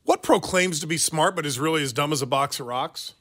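Man, radio show reader, studio mic, chuckling, bright tone, higher voice. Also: brisk. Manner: reads jokes off the text line, chuckling. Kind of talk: joke-telling morning radio banter. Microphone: studio microphone.

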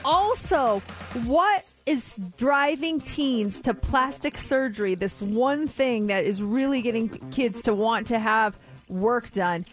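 A woman co-hosting a radio show, telling stories and reading news items in a chatty, lively way. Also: fairly high pitch, takes it slowly, soft background music. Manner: chatty storyteller, animated. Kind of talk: casual radio chat and news segment. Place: radio studio. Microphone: studio mic.

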